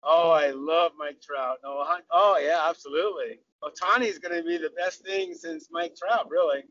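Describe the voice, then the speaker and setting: A man's voice: on the high side, normal speed, fairly bright tone, dry recording. An older man from Southern California with an American accent, a cricketer guest telling stories in a casual, chatty interview with lots of restarts. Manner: chatty, laughing, many restarts. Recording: dull lo-fi audio.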